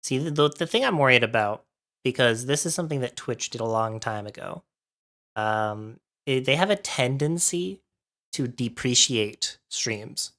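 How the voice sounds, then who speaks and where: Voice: mid-range voice, animated, measured pace, fairly bright tone. A livestreamer chatting casually with viewers while setting up, a bit out of breath from allergies and thinking aloud.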